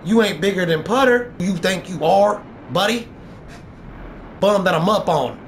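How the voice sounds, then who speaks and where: High-voiced man trash-talking. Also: unhurried, a little hiss or hum. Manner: taunting, boastful, profane, repeats lines for effect. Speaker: gaming YouTuber. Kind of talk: trash-talking game commentary.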